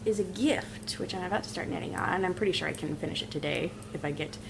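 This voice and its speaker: A woman's voice: on the low side, fast talker, creaky, noisy background. A young woman co-hosting a knitting podcast, listing her projects in a casual, matter-of-fact way. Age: young adult. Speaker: podcast co-host, daughter. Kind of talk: casual chat about knitting.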